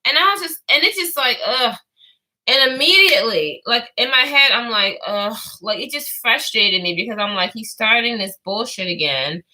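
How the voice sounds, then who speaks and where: Lively bright-voiced woman telling a story. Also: fairly high pitch, moderate pace, poor audio. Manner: rambling, lots of fillers, swears freely. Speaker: vlogger. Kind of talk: casual storytime vlog.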